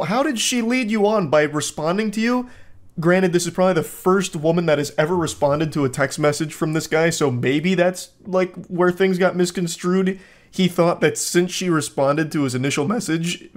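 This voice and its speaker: A man's voice: on the high side, normal speed. A man giving sarcastic, exasperated commentary while reading out text messages, often breaking into laughter.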